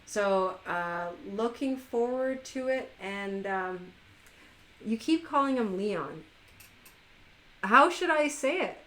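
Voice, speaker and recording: A woman's voice: on the high side, animated, slow pace, a bit bright, low-quality recording. A woman hosting a live stream, chatting casually in a playful, teasing way with her viewers.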